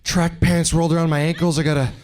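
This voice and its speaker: A man's voice: on the high side, little pitch movement, fast talker, a little mellow. A man in his forties from Canada doing a stand-up set on a club stage, telling stories animatedly and acting out other people's voices. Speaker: stand-up comedian. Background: audience laughter.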